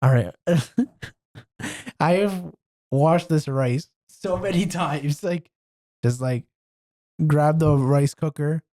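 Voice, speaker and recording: A man's voice: a little high, extremely slow, pauses often, warm tone. A young man co-hosting a podcast with a stuffy nose, telling rambling stories and laughing often. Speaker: podcast co-host. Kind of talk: casual chat.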